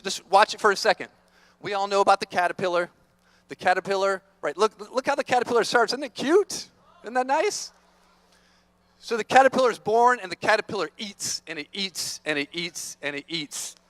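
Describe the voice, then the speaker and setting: A man giving an energetic, playful motivational talk to students, teasing the audience, on a stage microphone in a large conference hall. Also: high-pitched, fast. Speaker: motivational speaker.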